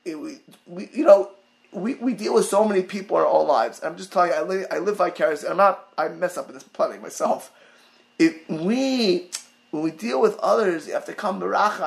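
A man giving a Torah class to his community, telling stories in an animated way with many restarts and Hebrew and Yiddish terms mixed in. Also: high-pitched, gravelly. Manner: animated storytelling, many restarts, rising to near-shouts. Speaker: rabbi teaching a Torah class.

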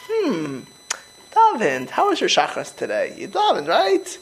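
A middle-aged man talking in a casual conversation, animated and emphatic, often restarting his sentences. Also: high voice, a little slow, slight background noise, poor audio.

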